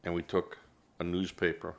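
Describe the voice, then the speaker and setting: A man's voice: low voice, completely flat delivery, moderate pace, gravelly. A man giving opinionated political commentary as host, rambling and hesitant, often correcting himself.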